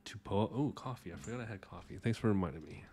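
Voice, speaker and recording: Male streamer-artist, lowish voice, loose rambling chat with self-mocking jokes, mumbles as he works. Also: expressive, fast talker, slight background noise. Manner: talks while drawing, trailing off into soft mumbles. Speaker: artist hosting a drawing livestream. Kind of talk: casual livestream drawing commentary.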